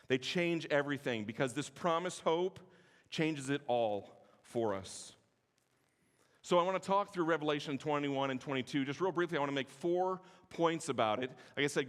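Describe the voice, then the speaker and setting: A man, teaching at a conference in a passionate, sometimes forceful way with joking asides. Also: a little high. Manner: passionate, can sound forceful; self-deprecating joking asides. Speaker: conference speaker. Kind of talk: teaching sermon. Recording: long hall reverb.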